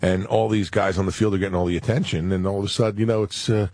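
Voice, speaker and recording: A man's voice: sits low, fairly even intonation, quick pace, darkish tone, dry recording. A male former football player, a guest on a radio show, telling stories with lots of "you know" and acting out the quotes. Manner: storytelling, acts out quotes. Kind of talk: casual radio studio talk. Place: radio studio.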